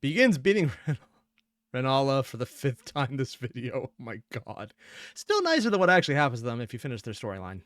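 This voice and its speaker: Excitable, giggly man reacting to a video. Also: medium pitch, a little fast, no room sound. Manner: giggly, excitable, rambling asides. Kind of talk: casual reaction commentary.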